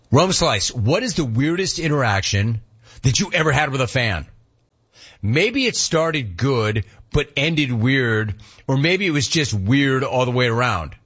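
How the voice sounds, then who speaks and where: A middle-aged man hosting a sports radio show, answering listener questions in a casual, animated way and acting out dialogue. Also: medium pitch, husky, dull audio. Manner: animated storyteller, acts out dialogue.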